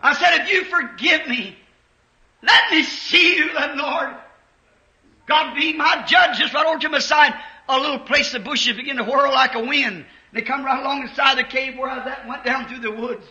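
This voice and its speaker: A man preaches in a very high, bright, piercing voice, swinging from quiet storytelling into fervent shouting. The sound is dull and lo-fi, carrying the roomy echo of an old church recording. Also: normal speed. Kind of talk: sermon.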